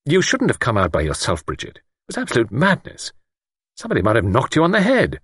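Male reader as an irritable young Englishman, gruff and blunt, dry and husky. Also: lowish voice, sing-song, normal speed, a bit bright, no room sound, voice pushed up, heavily acted. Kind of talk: audiobook character voice.

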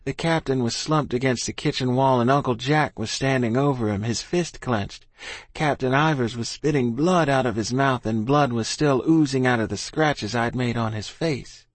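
A man narrating a story in first person, in an earnest, steady manner. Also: medium pitch, moderate pace, no echo. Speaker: audiobook narrator.

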